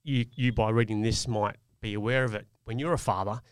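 A man's voice: lowish voice, steady tone, brisk, clear, resonant tone, no echo, studio quality. A man, telling a personal parenting story in an earnest, reflective way on a casual podcast. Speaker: podcast co-host. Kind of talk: casual chat.

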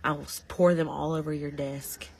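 A woman with a low-ish, gravelly and husky voice, laughing her way through stories as a podcast co-host. She keeps it loose and casual with her friends. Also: steady tone, moderate pace. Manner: laughing storyteller. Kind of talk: casual chat.

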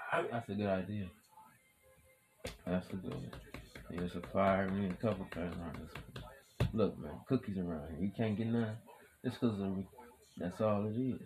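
A man hosting his own podcast in a rambling, profane hype monologue, repeating chants and swinging from loud shouting to low mutters. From Wisconsin. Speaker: podcast host.

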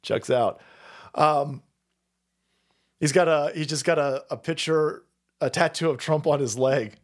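A man from the San Francisco Bay Area ranting profanely as a streamer, mocking and swinging between muttering and yelling. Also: fairly high pitch, a little slow. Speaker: streamer and political commentator. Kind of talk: profane political rant.

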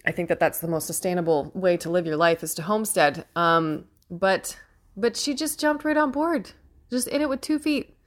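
A woman's voice: on the low side, moderate pace. A young woman giving a casual opinion monologue as host, earnest and emphatic, swearing freely and laughing often, close to tears with emotion.

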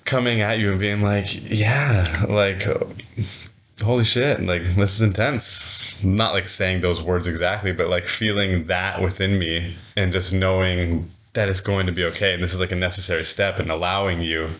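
A man co-hosting a podcast with his wife, speaking calmly and reflectively and swearing now and then. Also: low-pitched, fairly quick, hardly any pauses. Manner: calm, reflective, casual swearing. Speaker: podcast co-host. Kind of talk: intimate couple's podcast chat.

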